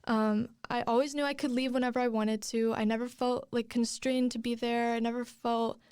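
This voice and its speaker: A young woman talks through her story as a podcast guest, rambling and restarting with plenty of fillers. Her voice sits a little high and sounds smooth and clear. The recording is close and dry, with no room sound. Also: flat delivery, normal speed, darkish tone, dry recording. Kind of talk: casual chat.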